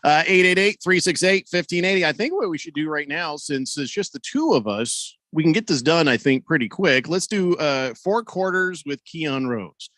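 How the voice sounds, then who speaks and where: A man's voice: a little high, expressive, moderate pace, hardly any pauses, a bit bright, no echo. A man hosting a sports radio show in a loose, joking way, a little out of breath, rambling and restarting as he tells a story. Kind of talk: casual sports radio talk. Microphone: studio microphone.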